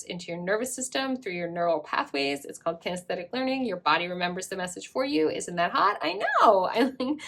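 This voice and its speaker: A woman's voice: mid-range voice, a bit bright. A woman giving a casual pick-a-card tarot reading, effusive and rambling, with many fillers. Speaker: tarot reader.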